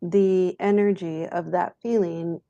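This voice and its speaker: A woman guest on a talk show, calmly and gently explaining how to handle feelings. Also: fairly low pitch, slow, no echo, lo-fi sound. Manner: calm, gentle, instructive. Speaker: guest, author on emotional resilience. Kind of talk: podcast interview talk.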